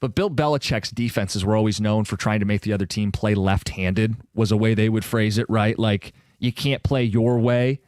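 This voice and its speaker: A man's voice: fairly low pitch, normal speed, few pauses, a little mellow, no room sound. A man hosting sports talk radio, opinionated and wry, with sarcastic asides, speaking into a studio microphone.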